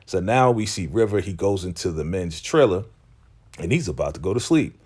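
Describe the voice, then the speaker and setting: A man's voice: low-pitched, animated, moderate pace, darkish tone, breathy edge. A man giving a casual, slangy recap of a TV episode, acting out the characters' lines as he goes. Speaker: TV recap YouTuber.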